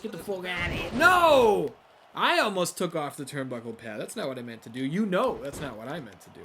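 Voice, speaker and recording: Profane excitable man with a high voice. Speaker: let's play host. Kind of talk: gameplay commentary.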